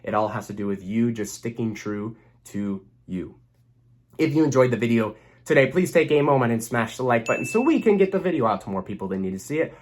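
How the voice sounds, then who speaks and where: A man's voice: medium pitch, expressive, brisk. A young man speaking earnestly as a relationship coach, giving a motivational self-help talk to the camera and repeating phrases for emphasis.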